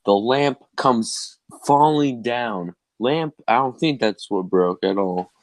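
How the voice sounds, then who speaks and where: A young man co-hosting a podcast, telling his side of a story in a slow, rambling, laid-back way. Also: mid-range voice, no echo. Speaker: podcast co-host. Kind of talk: casual storytelling chat. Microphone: headset.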